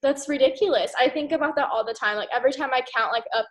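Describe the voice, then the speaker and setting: A woman co-host telling a story in casual chat, animated and laughing. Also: sits high, quick pace, rough recording. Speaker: network marketing co-host.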